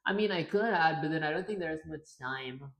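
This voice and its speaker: Young streamer, mid-pitch, casual rambling self-talk, roomy echoey home mic. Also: brisk, vocal fry, a bit bright. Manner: rambling, self-talking, trailing restarts. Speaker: live-stream game developer. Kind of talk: casual live-stream chatter. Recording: roomy echo.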